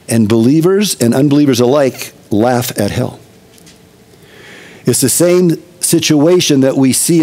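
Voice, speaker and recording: A man's voice: mid-range voice, darkish tone. A middle-aged male pastor preaching a conversational expository sermon, with emphatic repetition.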